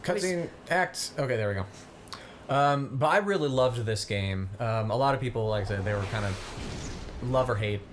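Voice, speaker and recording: A man's voice: mid-range voice, normal speed, a little hiss or hum. A man casually commenting on a game he plays, explaining its systems with plenty of ums. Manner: relaxed, explanatory, many ums and uhs. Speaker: co-host and player of a gaming channel. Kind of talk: casual let's-play commentary.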